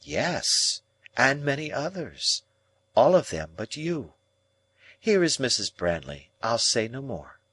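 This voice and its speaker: A male audiobook reader voicing a proud, cool young woman who gives quiet, clipped, dismissive replies in a dry recording. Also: mid-range voice, big pitch swings, takes it slowly, slightly rough, no echo, pitched above the performer's own voice, exaggerated voice. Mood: cold.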